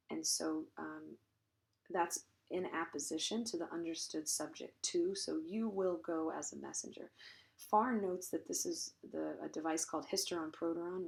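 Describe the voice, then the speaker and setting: A woman's voice: lowish voice, gravelly, pushed and bright. A woman teaching a translation lesson, explaining grammar step by step with frequent ums, self-corrections and dry, wry asides. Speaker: Latin teacher.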